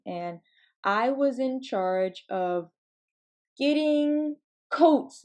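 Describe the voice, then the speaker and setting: With laughter and plenty of swearing, a young woman in her twenties runs a podcast full of animated, offhand comic storytelling. She speaks at a medium pitch.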